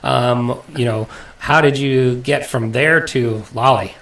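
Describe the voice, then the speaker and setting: A man's voice: mid-range voice, slow pace, fairly bright tone, echoey room, far from the mic, poor audio. A young man hosting a casual podcast, chatty and telling stories with laughs. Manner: chatty storyteller, laughs through his story. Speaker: podcast host.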